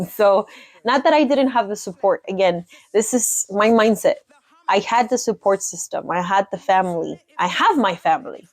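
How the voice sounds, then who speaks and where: A woman's voice: lowish voice, normal speed, no room sound, soft background music. A young woman candidly telling her own story, blunt, swearing freely and laughing at herself. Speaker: MMA fighter sharing her story.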